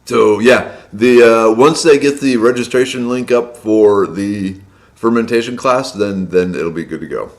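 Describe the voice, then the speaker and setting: A man hosting a casual live stream from indoors at home, chatting and greeting viewers by name, his voice slightly hoarse. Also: fairly low pitch, unhurried. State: slightly hoarse from a long day of loud speaking.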